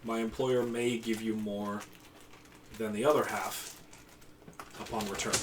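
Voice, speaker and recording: A man voicing a guarded, cool male fixer who speaks low, quiet and measured. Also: level tone, a little hiss or hum, natural voice. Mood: smooth.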